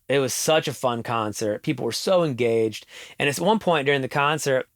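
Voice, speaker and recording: A middle-aged man speaking as a guest in an interview. His voice is close and dry, with no room sound, and sits at an everyday pitch. He tells stories with lively energy and laughs easily along the way. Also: no room sound. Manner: animated, laughs while telling stories. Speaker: musician guest. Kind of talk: casual interview storytelling.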